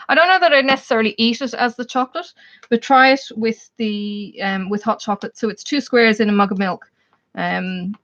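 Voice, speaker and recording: A woman's voice: medium pitch, fairly bright tone. Chatty Australian woman host; rambling, easy live-chat delivery with frequent laughter, a bit muffled. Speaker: livestream host. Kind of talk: casual chat with live viewers.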